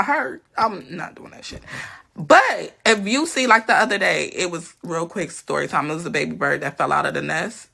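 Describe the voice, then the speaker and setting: Gravelly, animated woman tarot reader. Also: mid-range voice. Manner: chatty, blunt and profane, laughs often. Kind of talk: casual collective tarot reading to viewers.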